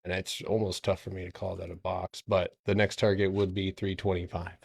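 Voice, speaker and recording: A man's voice: low-pitched, little pitch movement, brisk, gravelly, husky. A man hosting a stock trading livestream, giving loose, joking market analysis and swearing now and then. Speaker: stock trading stream host.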